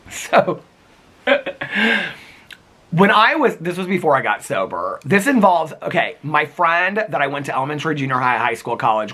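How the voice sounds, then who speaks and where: A man chats to his vlog audience, rambling through a story with constant fillers and easy laughter. His voice swoops lively up and down and has a bright, slightly husky tone. It sounds recorded casually outdoors. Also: mid-range voice. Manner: chatty and rambling, many fillers, frequent laughter, squeals. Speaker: vlogger.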